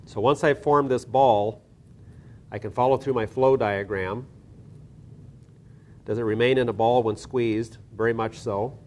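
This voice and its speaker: A man's voice: mid-range voice, fairly even intonation, measured pace, pauses often, darkish tone. A man teaching soil science, talking methodically through a hands-on lab demonstration with small restarts.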